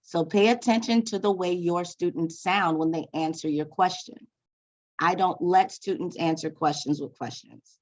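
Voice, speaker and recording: Woman teacher leading a teacher training session, lowish voice, casual and self-correcting, dull lo-fi recording. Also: normal speed. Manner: conversational, restarts and corrects herself. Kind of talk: professional development talk to teachers. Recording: dull lo-fi sound.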